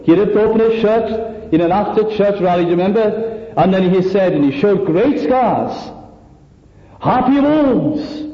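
High-voiced guy preaching a sermon, echoey hall, kinda dull old recording. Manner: earnest, rhetorical questions, acts out quoted complainer.

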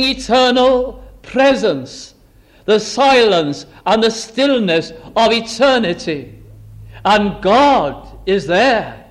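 Slow, earnest high-voiced preacher. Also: male voice. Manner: slow, earnest, with dramatic rises and hushed drops. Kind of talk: sermon.

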